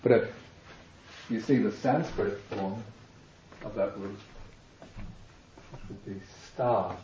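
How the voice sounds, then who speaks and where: A man teaching a language class, explaining slowly and patiently, step by step. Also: on the low side, dark tone, slight background noise. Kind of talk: classroom lecture. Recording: dull, echoey classroom recording.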